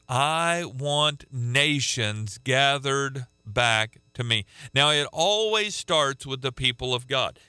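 A man teaching a radio sermon, emphatic, repeating key phrases and slowing down to stress words. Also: medium pitch, bright, forceful tone, smooth, dry recording.

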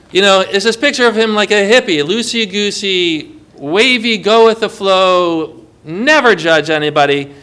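Man, preacher, high voice, bright tone, emphatic sermon delivery. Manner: lively, emphatic, asks the audience questions.

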